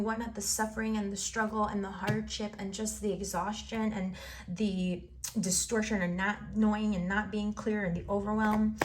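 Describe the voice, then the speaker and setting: A woman's voice: medium pitch, noisy background. A woman giving a tarot reading to the viewer, encouraging and rambling, often repeating phrases. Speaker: tarot reader.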